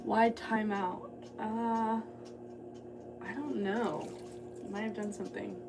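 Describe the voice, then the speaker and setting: This woman potter's gravelly, mid-range voice stays fairly flat in pitch, and she takes her time. She rambles and thinks aloud in a casual livestream chat while working, heard through a distant mic with background noise.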